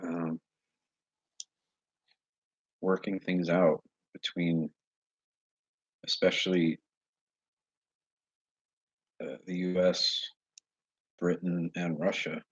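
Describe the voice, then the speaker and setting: A man talking straight to his viewers in a casual monologue, earnest and halting as he searches for words. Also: sits low, little pitch movement, breathy edge, dry recording. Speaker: vlogger addressing viewers. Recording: dull lo-fi recording.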